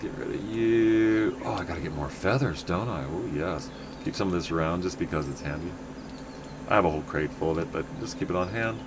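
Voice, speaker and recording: A man's voice: deep voice, quick pace, noisy background. A middle-aged man from the United States, chatting in a rambling, casual way while streaming a game. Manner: rambling, chatty, many restarts.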